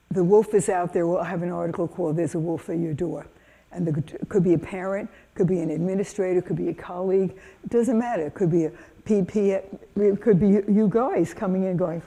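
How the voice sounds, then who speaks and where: An older woman from the United States delivers a keynote with animated energy, acting out children's voices in her stories. Her voice is mellow and warm rather than bright. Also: fairly low pitch. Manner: animated storytelling, acts out kids' voices. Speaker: keynote speaker. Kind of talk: lively conference talk.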